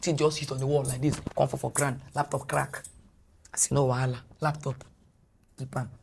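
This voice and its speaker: A Nigerian woman, a guest on a podcast, retelling a personal story in animated English mixed with Pidgin. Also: extremely low pitch, moderate pace, vocal fry, slight background noise.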